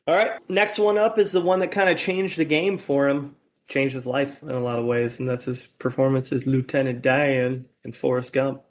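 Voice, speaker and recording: A man's voice: medium pitch, flat delivery, moderate pace. A man hosting a movie podcast, presenting topics in an upbeat, joking way. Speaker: podcast host. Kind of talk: casual movie podcast chat.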